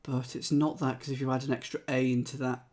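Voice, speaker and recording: A man's voice: mid-range voice, little pitch movement, fast, darkish tone. A man streaming, thinking aloud as he solves a crossword and chats with his live chat, methodically trying out letters and words.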